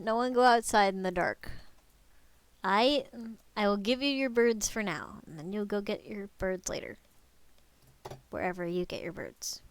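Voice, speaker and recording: A woman's voice: medium pitch, fairly bright tone, clean tone, dry recording. A woman in her twenties giving a casual live-stream lecture, chatting with viewers and swearing freely.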